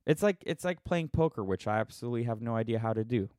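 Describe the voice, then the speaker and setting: Man ranting sarcastically, smooth and dry. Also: mid-range voice, lively intonation, fast talker, a little mellow, no echo. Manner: sarcastic, rambling, self-mocking. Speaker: vlogger. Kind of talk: casual opinion rant.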